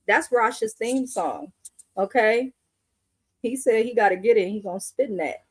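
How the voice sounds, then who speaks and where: A woman's voice: mid-range voice, expressive, measured pace, pauses often. A young adult woman hosting a live reaction review in a blunt, opinionated, casual way, reading chat comments aloud. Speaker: livestream reaction host.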